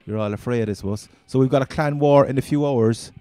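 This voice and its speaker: A man's voice: medium pitch, brisk, dark tone, no echo. A man with a Cork accent, chatting casually and rambling through his first gaming commentary as a channel host. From Ireland.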